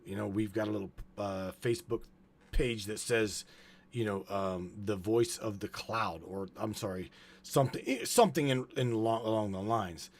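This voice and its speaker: A man hosting a live broadcast, talking casually in halting bursts with many restarts, and getting worked up. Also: on the low side. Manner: halting, stammers and restarts, grows excitable. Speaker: host.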